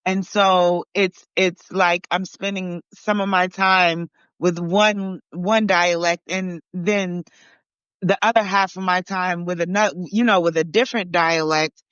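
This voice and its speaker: Woman from barbados and new york, rambly, smooth voice, kinda lo-fi. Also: on the low side, fairly even intonation, a little slow, a bit bright, no room sound. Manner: rambling, lots of fillers and restarts. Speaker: podcast participant. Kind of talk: casual conversation. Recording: dull lo-fi.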